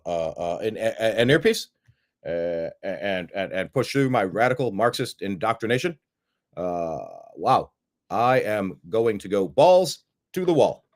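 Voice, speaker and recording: Doddering old president, halting and mumbling, lots of uhs, dropping low and muffled, as a man puts him on. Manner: stammering, trailing off with many uhs.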